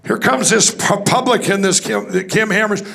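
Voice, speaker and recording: High-voiced gravelly man telling a story. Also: normal speed, sharp tone. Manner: rambling, restarts, acts out quoted dialogue. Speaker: conference speaker. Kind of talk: storytelling talk to an audience. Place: conference hall stage.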